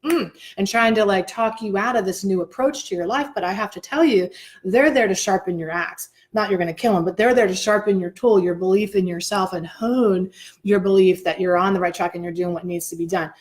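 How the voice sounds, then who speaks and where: A woman's voice: medium pitch, fairly quick. A woman co-hosting a casual motivational chat, earnest and encouraging, acting out the voices she quotes. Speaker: co-host, coach.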